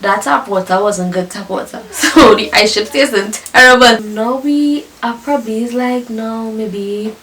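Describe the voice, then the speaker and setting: A woman's voice: on the high side, unhurried, hardly any pauses. Chatty young woman, distant mic. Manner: animated, addresses viewers as y'all, laughs often. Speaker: vlogger telling her birth story. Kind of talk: casual storytelling to viewers.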